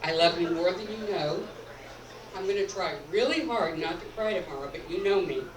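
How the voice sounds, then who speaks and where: A woman's voice: fairly low pitch, normal speed, distant mic. A middle-aged woman giving an earnest, sentimental toast as the groom's mother. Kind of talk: heartfelt wedding toast. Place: banquet hall at a rehearsal dinner. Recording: echoey hall recorded from afar, background noise.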